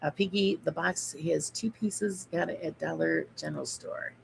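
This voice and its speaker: Gravelly-voiced chatty craft host woman. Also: deep voice, moderate pace, slight background noise, rough recording. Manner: chatty, rambling, reads out and answers viewer comments. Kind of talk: casual craft livestream chat.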